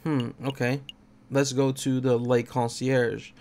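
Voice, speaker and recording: A let's play gamer comments on the game he's playing, speaking slowly in a level, slightly mellow, medium-pitched voice. He reads the game's dialogue aloud in plain voices and tosses in jokey asides.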